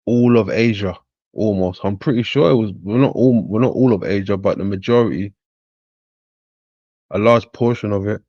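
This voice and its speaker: Brief: low-voiced man, rambling casual talk, dry dull recording. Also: moderate pace, dark tone, dry recording. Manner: rambling, self-correcting. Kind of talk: casual musing chat.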